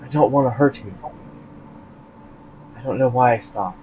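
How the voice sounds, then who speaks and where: A man's voice: medium pitch, normal speed, dull audio, slight background noise, lightly acted. A man voicing a charmed grown man who is crying and full of remorse. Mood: remorseful.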